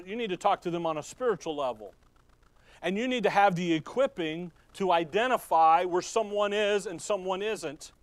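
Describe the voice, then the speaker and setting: A man preaching a sermon as pastor in a conversational way, with sudden loud emphasis and quick asides to the congregation. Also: high-pitched, no echo.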